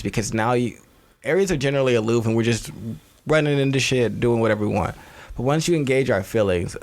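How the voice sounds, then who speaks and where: A man co-hosting a podcast in casual chat, emphatic and profane, often breaking into laughter. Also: fairly low pitch. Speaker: podcast co-host.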